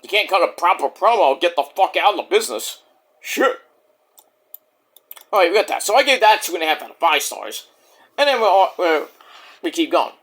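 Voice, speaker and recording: A man recapping a wrestling show in a casual vlog, excitable, rambling and profane. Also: high-pitched, moderate pace, pauses often.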